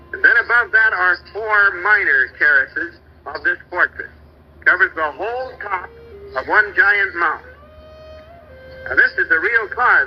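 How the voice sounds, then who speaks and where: Folksy middle-aged man lecturer, high-pitched, on lo-fi archival tape with faint music behind. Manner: folksy, pointing out pictures, hunting for names. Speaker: travel lecturer narrating slides. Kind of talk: old slide-show travel lecture.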